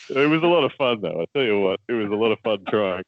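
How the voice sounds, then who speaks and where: A man's voice: lowish voice, muffled recording. A man with an Australian accent, co-hosting a casual chat and telling a story, laughing often and repeating words as he goes. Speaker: co-host, armwrestler.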